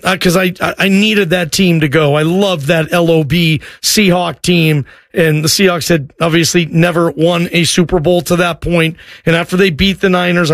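A man hosting a sports call-in radio show, talking in an excited, emotional, rambling way with many restarts. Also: high-pitched, no echo, clean studio sound.

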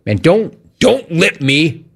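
A man's voice: on the high side, very animated, slow, creaky, husky, exaggerated voice. A man voicing his stern, indignant middle-aged father, scolding in a raised voice.

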